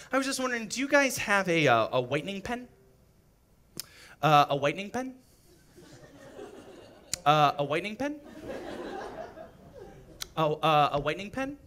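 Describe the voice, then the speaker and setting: A man's voice: high-pitched, big pitch swings, unhurried, long pauses, sharp tone, a little hiss or hum, heavily acted. A man playing an awkward, flustered shopper who hesitates and repeats himself. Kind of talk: live comedy sketch. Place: comedy venue stage.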